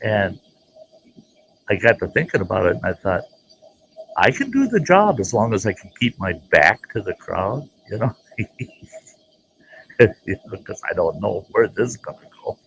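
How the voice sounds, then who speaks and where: A man telling a folksy, animated story as the host of his own show, jumping into voices for the people he quotes. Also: fairly low pitch, moderate pace, creaky, long pauses, a little hiss or hum, poor audio. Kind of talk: casual spoken storytelling.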